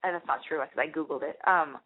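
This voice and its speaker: A woman's voice: low-pitched, fairly quick, slightly rough. Young woman telling a messy personal story on her podcast, says like a lot, tinny phone audio. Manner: rambling, confessional, heavy use of "like". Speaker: podcast host. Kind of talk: candid storytelling monologue. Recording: phone-like narrow band.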